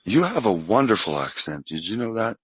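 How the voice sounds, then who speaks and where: Bright joking man. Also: lowish voice, big pitch swings, a little fast, breathy edge, dry recording, low-quality recording. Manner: joking, loose and slangy. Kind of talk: casual online group chat.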